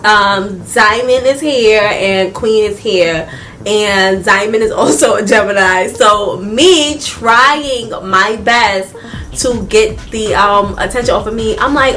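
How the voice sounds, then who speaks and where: Young woman, storytime vlog, animated, laughs a lot, fairly high voice, soft music underneath. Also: moderate pace. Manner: animated, laughing, addresses viewers as y'all. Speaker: vlogger.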